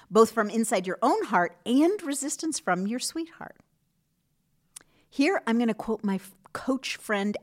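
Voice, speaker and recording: A woman hosting a podcast, giving scripted relationship advice in an earnest, expressive way with soft asides. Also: medium pitch. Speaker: podcast host.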